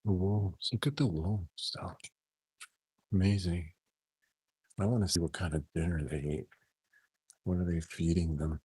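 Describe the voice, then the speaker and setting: A man's voice: sits low, a little slow, long pauses, darkish tone, breathy edge, dry recording. A man vlogging and telling a rambling story, chuckling as he goes and often trailing off and restarting. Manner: chuckles through his stories, trailing off and restarting.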